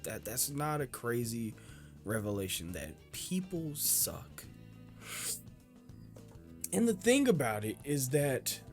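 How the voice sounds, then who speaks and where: A man reacting to an anime episode in casual commentary. He is emotional and swears a lot, shouting at the screen and then stammering through quiet, halting thoughts. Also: mid-range voice, very animated, soft background music. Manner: exclaims loudly at the screen, then rambles quietly.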